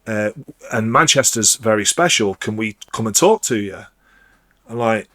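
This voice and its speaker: Rambling DJ telling a story. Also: male voice, on the low side, animated, bright, forceful tone. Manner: rambling, halting, frequent restarts. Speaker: DJ guest. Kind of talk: casual storytelling.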